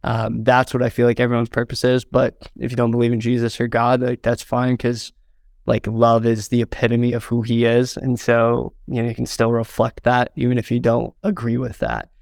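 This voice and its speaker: Recorded dry and close with no room sound, a young male videographer from southern Indiana, US, speaks at normal speed in a medium-pitched, monotone, darkish voice with slight fry. He tells a heartfelt story as a podcast interview guest, earnestly filling with "like" and "um" and getting choked up.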